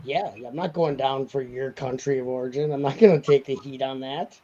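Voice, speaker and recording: A man's voice: mid-range voice, fairly quick, dark tone, muffled recording. A man hosting a live stream, joking around in casual banter and laughing a lot. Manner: jokey, laughs a lot, slips into mock accents. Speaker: stream host.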